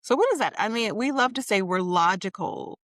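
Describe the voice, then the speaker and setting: A woman co-hosting a podcast in casual chat, lively and affirming, with a chatty manner. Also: medium pitch, brisk, no echo, studio quality. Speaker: podcast co-host.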